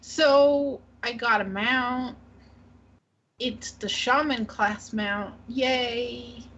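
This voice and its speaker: A woman from Canada co-hosting a casual gaming podcast, her voice sitting a little high. She rambles, hesitates and trails off mid-thought. The sound is slightly muffled, with a faint hiss behind it. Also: very slow, a bit bright. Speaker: podcast co-host.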